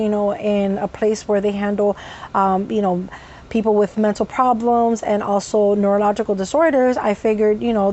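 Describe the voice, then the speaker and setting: A woman's voice: fairly high pitch, darkish tone, a little hiss or hum. A woman telling a personal story in casual storytime style, rambling with many fillers and sudden vocal tics.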